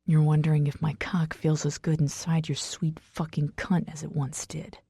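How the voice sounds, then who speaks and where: A woman voicing a brooding, intense estranged husband who growls his lines in a low, rough, pressing way. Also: normal speed, a little mellow, dry recording, clean studio sound, natural voice. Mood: low murmur. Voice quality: raspy, growling.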